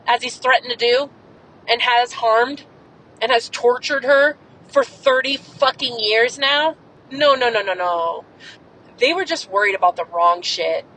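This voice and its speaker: A young adult woman podcast host in an impassioned monologue, angry and swearing hard. Her voice is bright and pitched a little high. A faint rumble sits under the recording. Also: rough recording. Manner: angry, profane, emphatic.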